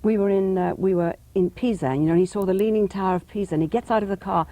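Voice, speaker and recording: An actress from England, reminiscing in an interview with fond praise and frequent hesitant fillers. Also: female voice, medium pitch, fast talker, dark tone, dry recording. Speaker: actress guest. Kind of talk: interview conversation. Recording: 1991 cable TV studio interview.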